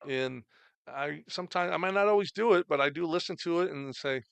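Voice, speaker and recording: Creaky-voiced man telling stories. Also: on the high side, a little fast, dry recording. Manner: rambling, many "you know" fillers. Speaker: podcast guest, former wrestler. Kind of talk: casual storytelling chat.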